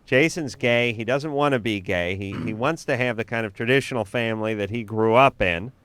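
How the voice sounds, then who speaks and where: A man's voice: mid-range voice, fairly quick, fairly bright tone, clean tone, dry recording. A man hosting a late-night radio call-in show, upbeat and joking, reading promos with lots of fillers. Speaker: radio host.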